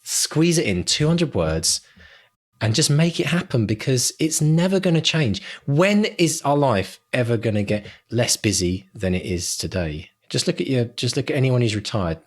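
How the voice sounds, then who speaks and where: A middle-aged man co-hosting a podcast about writing, casual and enthusiastic, working himself up into excited pep talks. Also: medium pitch, normal speed. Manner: enthusiastic, gets louder and louder. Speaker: podcast co-host.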